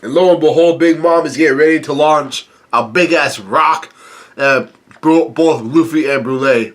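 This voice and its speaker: A man's voice: on the high side, normal speed. A man with a stuffy nose rambling through a casual read-through of a comic, laughing, with many fillers and restarts. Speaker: comic reader and commentator.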